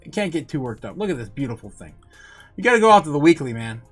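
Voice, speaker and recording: A young man hosting a crypto livestream, rambling, laughing, swearing and exclaiming loudly, a bit tipsy. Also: on the high side, very animated, quick pace, breathy edge, soft background music. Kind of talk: rambling live-stream chat.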